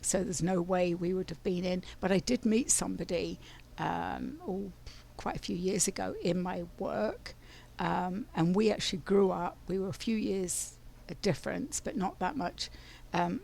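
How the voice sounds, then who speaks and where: A woman's voice: on the low side, vocal fry, a little mellow, slight background noise. An older woman from London with a London English accent, giving a meandering spiritual talk full of ums and restarts. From London, England. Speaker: spiritual channeler.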